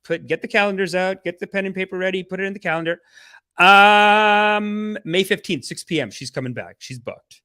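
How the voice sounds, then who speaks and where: A man hosting a livestream podcast, talking in energetic slang and playful mock-spiritual preaching, with big swings in loudness. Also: high-pitched, quick pace, hardly any pauses. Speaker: podcast host.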